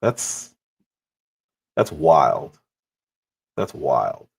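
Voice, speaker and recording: A man's voice: a bass voice, wildly swooping pitch, extremely slow, creaky, slightly rough. A man hosting a livestream, reacting to news clips with incredulous, sarcastic commentary. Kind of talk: casual commentary.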